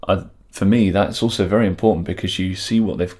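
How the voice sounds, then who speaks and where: A man's voice: low voice, fairly even intonation, a little fast, a little mellow. A man co-hosting a podcast, chatting casually and playfully about auditions and laughing easily. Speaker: podcast co-host. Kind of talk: casual chat.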